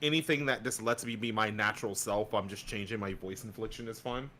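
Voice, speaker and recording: A man's voice: on the low side, fairly quick, sharp tone, a little hiss or hum. A man who does voice acting, talking as a guest on a casual podcast in a blunt, talkative way and swearing freely.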